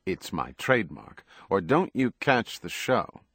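A man voicing a smooth, self-assured male TV entertainer who speaks crisply. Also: fairly low pitch, sing-song, measured pace, fairly bright tone, dry recording, clean studio sound, full character voice.

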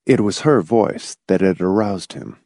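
Male audiobook narrator, low and melodic, measured and expressive, dry studio sound. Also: no echo. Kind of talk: scripted narration.

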